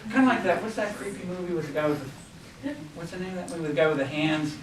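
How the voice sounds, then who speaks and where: A man's voice: on the high side, racing, echoey room, recorded from a distance, a little hiss or hum, poor audio. A man giving a classroom lecture, telling stories with many ums, restarts and false starts. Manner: rambling with frequent ums and restarts.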